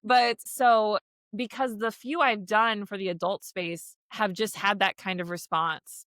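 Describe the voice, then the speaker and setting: Woman in her late thirties, chatty podcast guest, bright tone, dry close sound. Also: medium pitch, steady tone, a little slow, dry recording. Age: 30s. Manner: chatty, laughs often, quotes herself. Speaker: podcast guest, teen mental health speaker. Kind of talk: casual interview chat.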